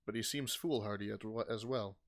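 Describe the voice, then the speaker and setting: A man's voice: lowish voice, brisk, no room sound, clean studio sound. A man playing a tabletop game, talking casually and hesitantly as he thinks aloud. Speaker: player.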